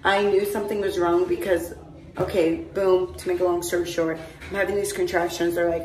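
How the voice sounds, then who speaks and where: A woman's voice: fairly low pitch, level tone, a little fast. A young woman telling a long personal story to her phone camera in a chatty, rambling way, full of "like" and "mind you". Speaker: vlogger. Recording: roomy echo, phone held at a distance.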